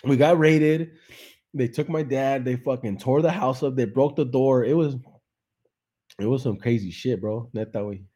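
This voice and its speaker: A man's voice: medium pitch, moderate pace, dark tone. A young man tells a joke in a laid-back, profane way on a live podcast, switching between English and slang. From San Jose, California. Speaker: comedian and podcast host.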